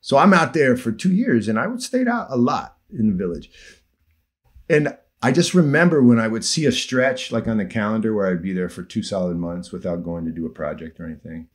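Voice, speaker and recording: A man in his fifties telling stories about living abroad in a casual conversation, animated and quick to laugh. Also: fairly low pitch. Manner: animated, acts out village voices, laughs often. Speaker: former field worker telling stories.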